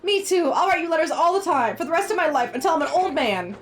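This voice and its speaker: A woman's voice: extremely high pitch, lively intonation, fast, soft background music. A woman voicing an earnest, tearful young boy in a video game, reading his lines aloud while playing.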